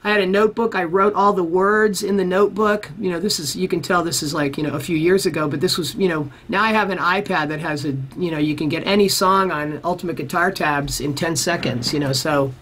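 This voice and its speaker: A man's voice: sits high, a little fast, few pauses, slight background noise. A man being interviewed about his music career, telling a long story in a casual, rambling way and acting out the people he quotes. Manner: animated storyteller who acts out the people he quotes; rambling, with many restarts.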